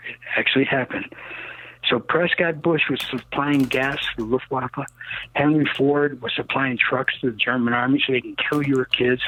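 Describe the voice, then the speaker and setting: A man's voice: mid-range voice, fairly bright tone, a little hiss or hum. A man in his sixties, a rocket builder interviewed as a guest, telling rambling stories in an emphatic, cynical way, leaning on "okay?" and "you know" between thoughts. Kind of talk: casual rambling storytelling interview. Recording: dry tinny phone line.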